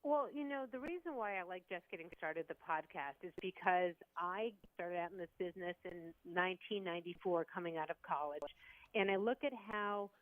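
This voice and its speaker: A woman in her fifties, a sports broadcaster, chatting on radio as an animated storyteller who acts out quotes. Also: fairly low pitch, a little fast, dry recording, phone-quality sound. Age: 50s. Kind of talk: casual sports radio chat.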